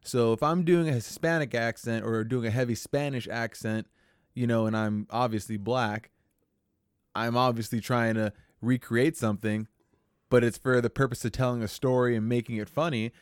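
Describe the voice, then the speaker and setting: Smooth-voiced man hosting a podcast. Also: medium pitch, steady tone, normal speed, no echo, clean studio sound. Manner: hesitant, many fillers, posing questions. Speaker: podcast host. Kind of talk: casual podcast chat.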